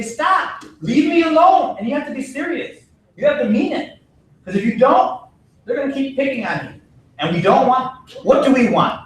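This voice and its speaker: Man instructor, very high voice, firm repeated coaching, booming echoey gym heard from far off. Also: slight background noise. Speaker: martial arts instructor. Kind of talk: coaching a kids' self-defense class.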